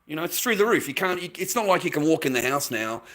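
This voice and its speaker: Sweary, bright-voiced Australian man ranting. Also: fairly high pitch, very animated, fast. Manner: sweary, blunt, repeats himself. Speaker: livestream host. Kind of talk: casual ranting to viewers.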